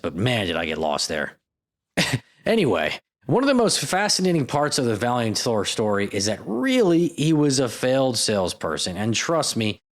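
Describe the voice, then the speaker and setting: A man hosting a scripted comedy podcast, narrating with sarcastic, self-mocking asides and dropping into silly voices. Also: lowish voice. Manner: lively, jokey delivery with silly voices. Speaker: podcast host.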